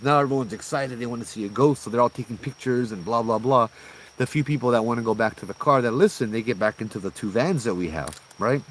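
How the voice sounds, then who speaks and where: A man with a fairly low voice tells an animated, casual ghost story on a forest trail at night. He drops slang and laughs now and then as he talks. Crickets and insects chirp faintly behind him. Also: a little hiss or hum, poor audio. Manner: animated, laughs while telling, uses slang like bro. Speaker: ghost tour guide telling a story.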